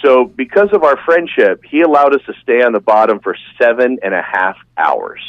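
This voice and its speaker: A man's voice: medium pitch, animated, moderate pace, dry recording. A man telling a long, rambling, enthusiastic story as a guest in a casual podcast chat. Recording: dull, dry, lo-fi sound.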